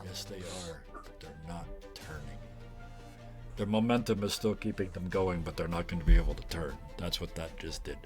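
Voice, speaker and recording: A man's voice: deep voice, normal speed, a little mellow, faint music behind. A man narrating as game master, loose and joking, laughing often.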